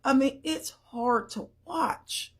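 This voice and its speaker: An older woman giving an opinionated commentary, emphatic, with sharp swings in her voice. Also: high voice, slow pace.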